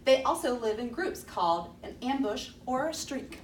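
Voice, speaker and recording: Lively woman presenting to kids. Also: fairly high pitch, normal speed. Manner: animated, gasps with exaggerated delight. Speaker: children's librarian. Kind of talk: children's storytime presentation. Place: library program room. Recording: roomy echo, distant mic, faint hiss.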